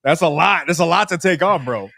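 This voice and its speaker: A man's voice: a little high, animated, a little fast, vocal fry, bright, forceful tone, no room sound. Male podcast host, casual rambling chat, dry close mic. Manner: rambling, self-aware, hedging.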